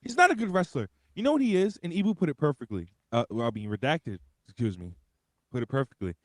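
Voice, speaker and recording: A man's voice: on the high side, fast talker, dry recording. A young man, co-hosting a wrestling show in casual, profane, rambling chat. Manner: animated, profane, rambling with restarts. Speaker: wrestling podcast co-host.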